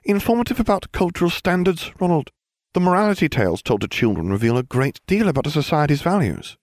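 Bossy know-it-all schoolgirl, a guy doing her voice for an audiobook, high and pitchy, lively. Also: quick pace, no room sound, clean studio sound. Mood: lecturing. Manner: exasperated, lecturing. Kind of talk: audiobook reading.

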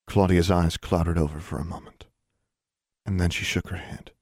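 Man, audiobook narrator, measured storytelling, deep voice, dry close sound. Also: fairly even intonation, darkish tone, breathy edge, dry recording.

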